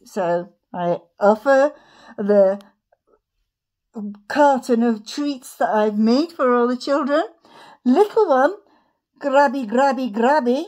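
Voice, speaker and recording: A middle-aged woman chatting to camera in a rambling, animated way, acting out retold conversations. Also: a little high, a little slow. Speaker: vlogger. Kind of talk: casual chat to camera.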